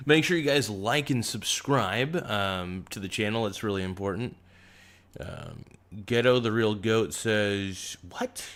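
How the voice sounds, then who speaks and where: A man's voice: on the low side, slow, long pauses, a bit bright. A young man hosting a casual livestream, reading out chat comments with joking, teasing banter. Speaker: livestream host.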